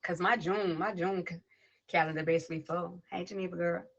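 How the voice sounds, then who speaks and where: A woman's voice: lowish voice, steady tone, brisk, vocal fry, muffled recording. A woman hosting a poetry livestream who reads a spoken word piece and then chats casually, greeting viewers and people passing by name. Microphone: tablet device.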